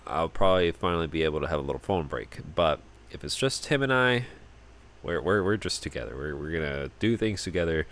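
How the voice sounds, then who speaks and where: A young man with a low voice talks through a casual solo podcast. His pitch jumps around a lot as he rambles and stumbles over repeated words at the starts of sentences. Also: fairly bright tone. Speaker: podcast host.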